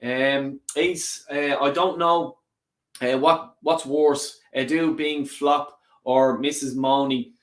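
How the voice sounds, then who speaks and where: A man hosting a football fan live stream, reading viewer comments in a lively, sweary way. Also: medium pitch, slow pace, reverberant. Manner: animated and sweary, rants and laughs often. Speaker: football fan channel host.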